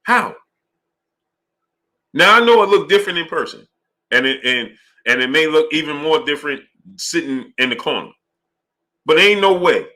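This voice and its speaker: A man's voice: on the high side, normal speed, pauses often. A man hosting a live boxing talk stream, arguing heatedly and greeting viewers by name. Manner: animated and heated, greets chat names.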